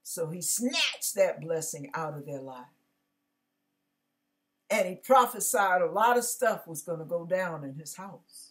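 A woman's voice: on the low side, expressive, unhurried, fairly bright tone. A woman pastor giving a casual, conversational sermon, acting out biblical characters and dropping slangy asides.

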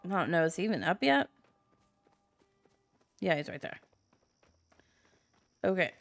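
A woman's voice: fairly low pitch, very animated, a little slow, creaky. Chatty woman narrating her gameplay. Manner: chatty, giggly, reads character lines aloud in her own voice. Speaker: gameplay video host. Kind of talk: casual let's-play commentary reading dialogue aloud.

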